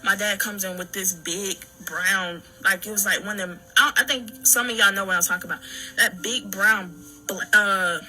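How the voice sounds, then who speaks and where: A woman recounting her own story in halting, earnest talk full of restarts and fillers. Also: mid-range voice, fairly even intonation, bright, forceful tone, soft background music, poor audio. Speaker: daughter telling her story. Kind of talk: personal account.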